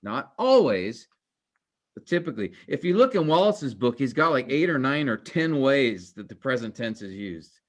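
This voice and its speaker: A man teaching a class, halting with many fillers and restarts, his voice trailing off quieter at the ends of phrases. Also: medium pitch, very animated. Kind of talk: classroom lecture.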